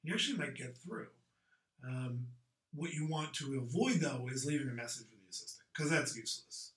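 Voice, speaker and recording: A man leads a sales coaching call. He speaks in a direct, punchy, conversational way, standing back from the mic in a roomy space that adds a clear echo. His pitch sits in an ordinary middle range. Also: expressive, brisk, fairly bright tone, far from the mic. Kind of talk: coaching talk on a group call.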